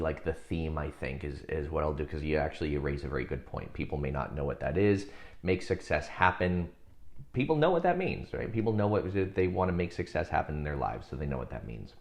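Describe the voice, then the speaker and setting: Brief Deep-voiced male coach, loose livestream banter, rambling with fillers and frequent chuckles. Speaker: hypnosis and success coach. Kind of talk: casual livestream chat reading viewer comments.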